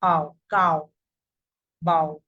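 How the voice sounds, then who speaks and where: A woman's voice: low-pitched, steady tone, very slow, a bit bright, muffled recording. A woman, teaching English phonetics. She repeats example words and often checks in with "right?". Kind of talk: phonetics lesson.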